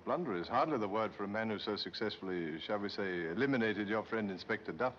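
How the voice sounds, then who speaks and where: An actor playing a smooth, sardonic man with a dry, insinuating delivery, on a muffled old film soundtrack. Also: lowish voice, lively intonation, fast, a bit bright, slight background noise.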